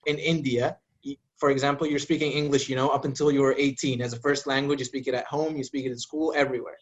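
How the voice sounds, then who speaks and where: A man's voice: mid-range voice, level tone, fast talker. Easygoing man, native Arabic speaker, dull audio. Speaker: podcast guest. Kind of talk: casual chat.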